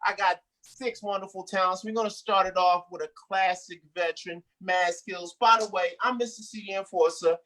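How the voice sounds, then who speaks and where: A woman hosting a comedy show, using loud, hyped crowd-work and playful, rambling banter. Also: mid-range voice, steady tone, normal speed, hardly any pauses. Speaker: host.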